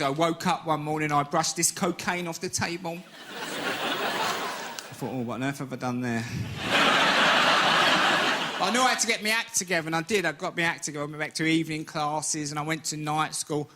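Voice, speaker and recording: Brief: Cockney stand-up comic, slightly high male voice, cheeky and self-mocking, very noisy TV recording. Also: fairly quick. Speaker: stand-up comedian. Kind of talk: stand-up comedy routine. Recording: very noisy television broadcast recording.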